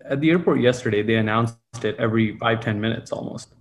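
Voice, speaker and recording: A man's voice: medium pitch, fast, slight background noise. A man co-hosting a podcast in casual chat, joking and laughing often; English is not his first language. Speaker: podcast co-host.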